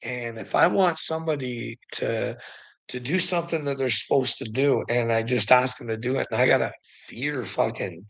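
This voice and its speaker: A man's voice: medium pitch, normal speed, vocal fry, a bit bright. A man on an angry livestream rant, swearing heavily and sounding bitter and indignant. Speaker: streamer.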